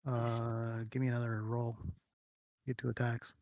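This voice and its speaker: A man's voice: medium pitch, completely flat delivery, unhurried, vocal fry, a little mellow, no room sound. A man narrating as game master of a streamed tabletop game, rambling with fillers and humming to himself. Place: home streaming setup.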